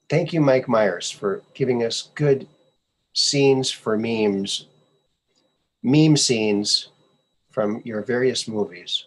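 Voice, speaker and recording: A male podcast host giving casual commentary on memes, sarcastic and scoffing, often repeating his phrases. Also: mid-range voice.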